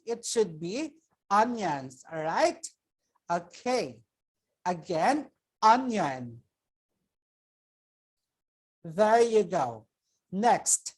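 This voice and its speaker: A woman's voice: mid-range voice, a little mellow. A woman teacher with a Filipino accent giving a children's vocabulary lesson, speaking patiently and repeating each word for pupils to say back. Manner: slow, patient, repeats words for pupils to echo.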